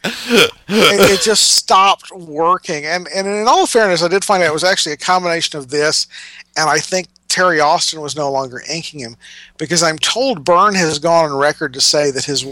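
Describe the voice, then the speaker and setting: A man rants sarcastically through casual podcast chat, his voice forceful and bright. His pitch sits a little high for a man. The sound is dry and close, with no room around it. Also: fairly quick, no echo, rough recording. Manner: animated, sarcastic ranting. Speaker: podcast co-host.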